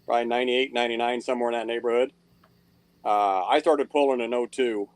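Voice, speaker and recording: Male guest, modest matter-of-fact talker, mid pitch, dry recording. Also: fairly even intonation, fast, no echo. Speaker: guest puller. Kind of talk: casual interview answers.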